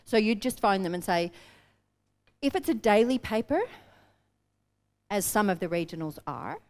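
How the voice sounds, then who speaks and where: An Australian woman coaching a live workshop, energetic and direct, telling stories to make her points. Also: medium pitch, moderate pace. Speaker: business coach. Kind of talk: workshop teaching. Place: seminar room with an audience.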